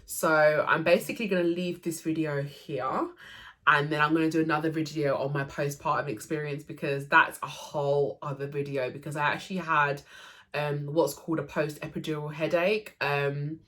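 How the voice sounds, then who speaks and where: Young woman vlogger with a low voice, casual and emotional retelling, many fillers and restarts. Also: steady tone, normal speed, a bit bright. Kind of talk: casual storytelling to camera.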